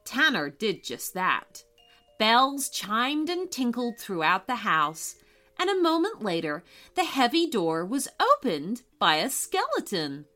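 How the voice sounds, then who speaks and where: A woman reading a children's story aloud as narrator, telling it with lively expression. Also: a little high, slow, soft background music.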